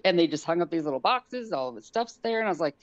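A woman telling a story on a podcast in a casual way, acting out the quotes in a high, excited voice. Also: fast talker, no echo, highs cut off. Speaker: guest.

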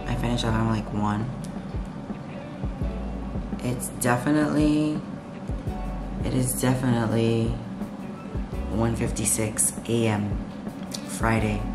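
Speaking slowly with long pauses, a woman with a bass voice and fairly even intonation does a casual late-night vlog at home. She's chatty, sassy and full of slang, addressing a nearby camera in an echoey room with music playing behind.

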